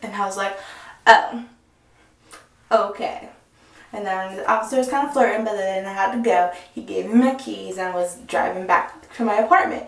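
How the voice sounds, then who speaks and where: Brief: young woman, lively cursing storyteller, recorded off-mic in a roomy space. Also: mid-range voice, fairly quick, creaky, hardly any pauses, recorded from a distance. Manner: animated, profane, chatty storytelling. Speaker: vlogger. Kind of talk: casual storytime. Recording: echoey room, voice off-mic.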